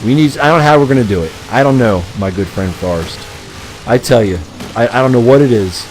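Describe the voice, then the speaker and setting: A man's voice: medium pitch, lively intonation, a little fast, faint music behind, rough recording. A man live-streaming a racing game, rambling and ranting crudely to his chat with frequent swearing and chuckles. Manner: profane, ranting, chuckling often.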